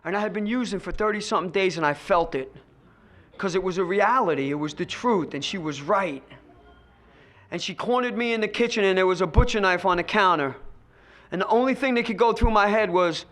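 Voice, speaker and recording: A middle-aged man tells his recovery story to a meeting in a high, tense voice. He leans hard on key words, repeats lines for effect, and talks straight to the listener. The delivery stays forceful and direct. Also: a little fast. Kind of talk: personal recovery testimony to an audience.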